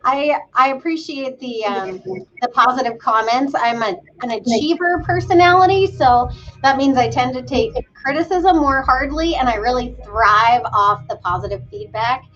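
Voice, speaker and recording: A woman in her thirties from Maine, talking casually about her life as a fitness coach. She comes across bubbly and self-deprecating, with a fairly high voice. The recording sounds a bit dull and lo-fi. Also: normal speed, fairly bright tone. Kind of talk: casual interview chat.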